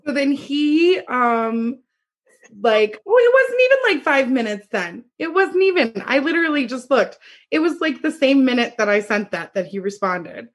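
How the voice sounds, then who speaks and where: A woman's voice: high voice, very animated, moderate pace. A young woman co-hosting a podcast, animatedly retelling a dating story with acted quotes and laughter. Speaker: podcast co-host. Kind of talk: casual chat, storytelling.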